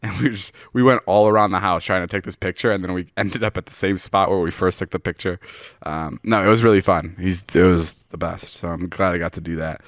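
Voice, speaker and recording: A man hosting a podcast, telling a story in casual chat, animated, swearing often and laughing as he goes. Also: low voice, brisk, no echo, studio quality. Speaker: podcast host.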